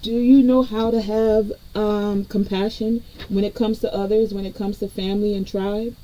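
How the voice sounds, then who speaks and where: A woman's voice: mid-range voice, level tone, normal speed, mellow, slight background noise, rough recording. A woman energy reader giving a collective spiritual reading in a conversational way, talking straight to her viewers. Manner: conversational, addresses viewers directly.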